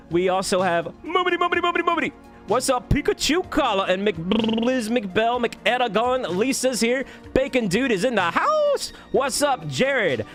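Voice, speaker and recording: A man streaming live, cheerfully greeting viewers by name and thanking them with quick laughs. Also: sits high. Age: adult. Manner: upbeat, rapid shout-outs with laughs. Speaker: YouTube streamer.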